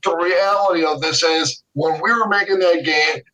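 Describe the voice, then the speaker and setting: A middle-aged man telling stories as a guest in a casual interview, animated, laughing often and acting out what others said. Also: on the high side, normal speed. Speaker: guest artist. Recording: distant from the mic.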